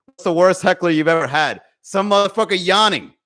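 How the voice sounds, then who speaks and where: With a high-pitched, fairly bright voice and a brisk delivery, this young adult man does comedy on a casual livestream podcast over his phone. He reads viewers' comments aloud, acts out the voices he quotes, and curses freely.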